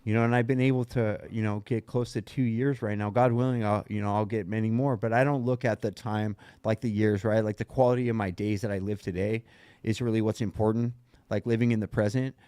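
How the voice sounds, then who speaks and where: A man's voice: lowish voice, steady tone, brisk, dark tone, smooth, no room sound. A middle-aged man telling his recovery story in casual, rambling talk, full of "like" and "right?". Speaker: podcast guest sharing recovery story.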